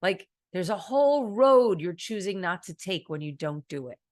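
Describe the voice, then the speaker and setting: A woman's voice: fairly low pitch, expressive, normal speed, dry recording. A woman streamer giving casual advice in an earnest, rambling way, acting out her own thoughts as she goes.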